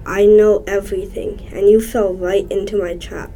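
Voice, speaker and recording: A woman's voice: mid-range voice, little pitch movement, moderate pace, dark tone, slight background noise, natural voice, poor audio. Woman reading as a creepy trapping ghost. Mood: menacing. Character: creepy ghost who traps people.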